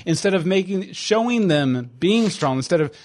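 A man's voice: high-pitched, lively intonation, normal speed, a little mellow. A man co-hosting a podcast in casual chat, opinionated, with many restarts. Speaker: podcast co-host.

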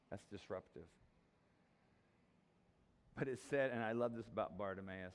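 A man's voice: on the low side, slight background noise. A male pastor preaching a sermon in a conversational, jokey, emphatic way.

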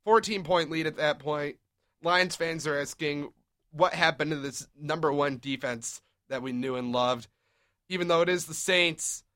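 A young man hosts a casual sports talk show, steering the chat with quick, upbeat recaps of the game. His voice is forceful and bright, sitting a touch high for a man. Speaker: podcast host.

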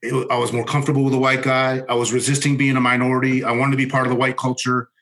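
A former Marine officer telling a personal story in a candid, halting way, restarting sentences and swearing bluntly. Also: male voice, mid-range voice, flat delivery, fairly bright tone, low-quality recording.

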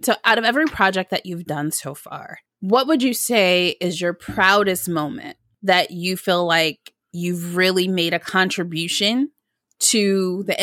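A woman hosting a podcast interview, asking reflective questions with animated, spiritual asides. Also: on the low side, no room sound, studio quality. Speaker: podcast host.

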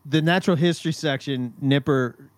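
A man hosting a podcast in casual chat, relaxed and quick to laugh. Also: a little high, dry recording. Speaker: podcast host.

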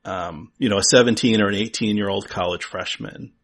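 A man chatting casually as a podcast guest, rambling and halting as he thinks aloud. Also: on the low side. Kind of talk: casual chat.

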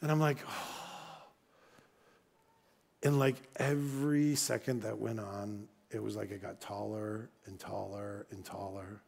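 A middle-aged man preaching a sermon, telling a story with lively acted-out dialogue and frequent restarts. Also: lowish voice, moderate pace, gravelly, few pauses. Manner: animated, acts out dialogue, many restarts. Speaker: pastor.

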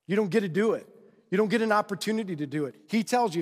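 A high-pitched male preacher talks quickly with lively intonation, firing rhetorical questions at his congregation throughout a conversational sermon. The recording carries the long reverb of a large church sanctuary.

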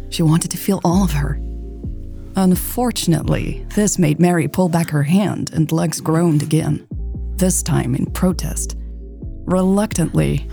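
Low, gravelly woman narrating a romance. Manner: soft, hushed, unhurried. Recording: faint music behind.

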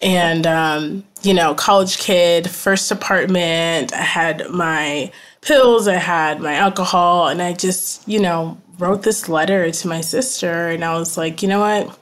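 A woman's voice: lowish voice, unhurried. A woman in her thirties, a trauma counselor, telling her personal story as a podcast guest in a reflective, earnest way, often saying "you know" and "like".

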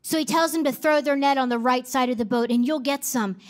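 A woman's voice: sits high, a little fast. A woman pastor preaching a sermon, emphatic and repeating key phrases for effect.

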